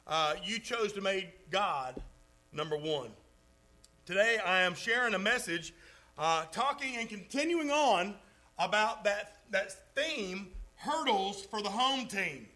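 High-voiced, slow, emphatic male preacher. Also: bright, forceful tone, rough recording. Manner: emphatic, drawn-out stresses on key words. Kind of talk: sermon.

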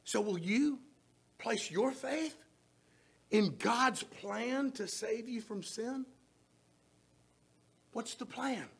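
A man preaching a sermon, swinging between shouted emphasis and soft near-whispers. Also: extremely high pitch, very slow, gravelly, pauses often, husky. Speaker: pastor.

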